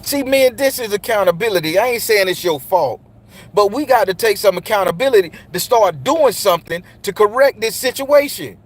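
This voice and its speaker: A middle-aged channel host delivers a casual, blunt, profane, preachy monologue aimed straight at the men listening to him. His voice sits high and is expressive, and he speaks at a normal speed.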